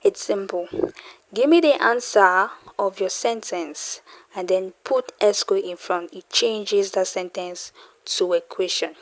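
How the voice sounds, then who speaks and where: A young woman teaching beginner French online, slowly repeating example phrases and explaining with casual fillers. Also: mid-range voice. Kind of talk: casual online language lesson.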